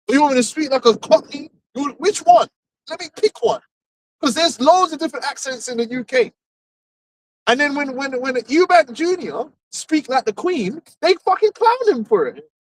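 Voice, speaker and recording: Casting: high-pitched man, animated and preachy, recorded well off the mic. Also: recorded from a distance. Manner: animated, mocking impressions, preachy. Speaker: podcast co-host. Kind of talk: heated casual discussion.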